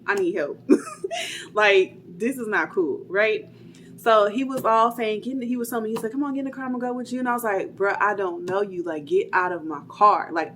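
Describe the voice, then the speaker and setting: A young woman recounting something that happened to her in a loose, chatty storytime way. Her voice sits at a middle pitch, and she keeps stringing her sentences along with little fillers. A faint hiss of noise runs under her voice. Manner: chatty, retells dialogue, many "like" fillers. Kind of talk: casual storytime.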